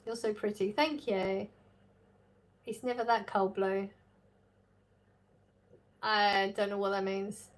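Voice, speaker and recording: Woman host for a casual live stream, somewhat high voice, reads chat aloud, laughs easily. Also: fairly bright tone. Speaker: livestream host reading chat.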